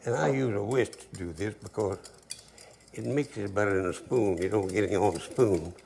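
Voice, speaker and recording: A man's voice: fairly low pitch, moderate pace, creaky, darkish tone, a little hiss or hum. An older man hosting a cooking show, talking easygoing and joking as he cooks and tells stories. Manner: easygoing, joking, dialect grammar. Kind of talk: folksy cooking demonstration with storytelling.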